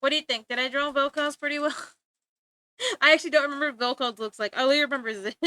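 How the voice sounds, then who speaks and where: A woman's voice: high voice, brisk, sharp tone, no room sound. A woman streaming live while she draws, chatting casually and playfully, giggling and making exaggerated complaints.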